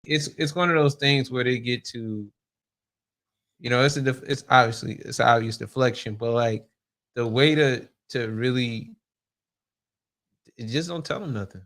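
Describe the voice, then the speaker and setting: A man with a mid-pitched voice chatting on a podcast. He talks in a laid-back, halting way, restarting his thoughts and speaking plainly. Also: a bit bright. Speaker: podcast co-host. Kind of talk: casual chat.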